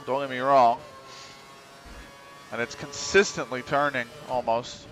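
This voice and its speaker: Male streamer, casual live commentary, mid-pitched voice, swears under his breath, talks to himself. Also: lively intonation, takes it slowly, pauses often, fairly bright tone, faint music behind. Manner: muttering to himself, swearing, frustrated laughs.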